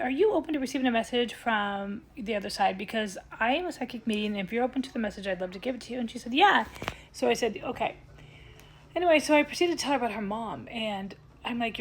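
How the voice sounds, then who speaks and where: A woman speaking as a psychic medium, telling a personal story in a chatty vlog style and often dropping to a hushed tone when she quotes what was said. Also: mid-range voice, slight background noise. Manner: chatty, recounts dialogue, drops to a hushed tone when quoting.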